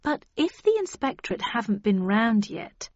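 Calm bossy lady agent, as the reader does her, husky, kinda muffled sound. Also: a little high, normal speed, dry recording. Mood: curious. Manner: firm and coaxing. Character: brisk, level-headed woman book agent.

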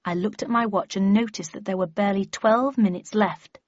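A woman's voice: mid-range voice, fairly even intonation, normal speed, hardly any pauses, no room sound. A woman narrating a first-person audiobook in a wry, understated storytelling manner. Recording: dry, slightly muffled lo-fi recording.

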